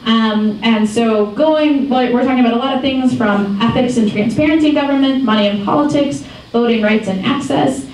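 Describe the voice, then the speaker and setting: A woman in her twenties from Michigan, giving a casual talk to a group as founder of a campaign, telling stories in a chatty, animated way with many ums and small laughs. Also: a little high, moderate pace. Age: 20s. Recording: echoey far-off room mic with faint noise.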